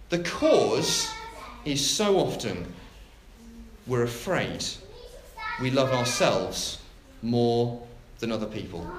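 A minister delivering a sermon in a lively, dramatic style, pitched fairly high with wide swoops. The church room echoes around him. A faint hiss and clicks sit underneath. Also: male voice. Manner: expressive, dramatic delivery with big pauses.

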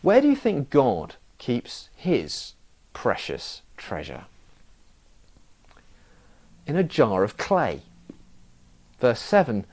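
A man's voice: medium pitch, wildly swooping pitch, slow pace, long pauses, a little mellow. A man preaching a sermon, telling stories with self-mocking humour.

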